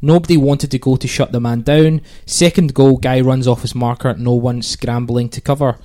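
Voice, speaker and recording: A man's voice: medium pitch, fairly even intonation, normal speed, dark tone. A man hosting a casual football podcast, talking in a hesitant, filler-heavy, exasperated way. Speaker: podcast host.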